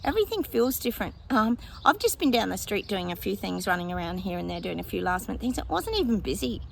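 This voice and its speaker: A woman psychic gives a casual predictions monologue to her viewers, rambling, thinking aloud, using lots of fillers and laughing often. Her mid-range voice is very animated, fast and gravelly, with slight background noise.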